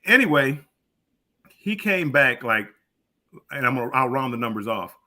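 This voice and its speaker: A man's voice: mid-range voice, big pitch swings, normal speed, sharp tone. An older man co-hosting a casual live-stream chat, often stammering and restarting as he reasons things out. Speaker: co-host.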